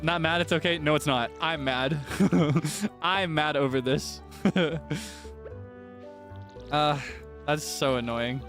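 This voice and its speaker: A chatty young man streams a farming game in a fairly high voice, laughing often and launching into dramatic, frustrated rants. Soft game music plays faintly behind him. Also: slow pace, pauses often. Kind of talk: casual gameplay chat.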